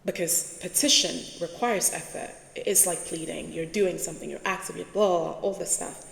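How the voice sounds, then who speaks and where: Reflective woman host, low gravelly voice, leans on key words; echoey room with a long tail. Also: steady tone. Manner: slow, emphatic, repeats key words, asks "right?". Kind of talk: casual spoken reflection while writing on a board.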